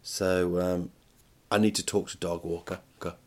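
A man's voice: low-pitched, flat delivery, a little slow, a little mellow, a little hiss or hum. A middle-aged man hosting a podcast, rambling through a crude comic monologue with stop-start phrasing and rhetorical questions. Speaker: podcast host.

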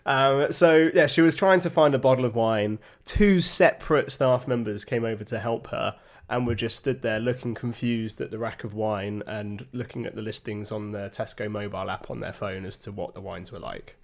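A young man co-hosting a relaxed podcast. He tells everyday stories in a dry, understated way and downplays his own part with light irony. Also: lowish voice, normal speed, few pauses. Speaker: podcast co-host. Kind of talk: casual chat.

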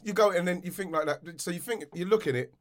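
A man's voice: high voice, quick pace. A middle-aged man, chatting on a podcast and telling stories with lots of repeats and laughter. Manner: animated, laughing, repeats himself when storytelling. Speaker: podcast co-host, former footballer. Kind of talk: casual chat.

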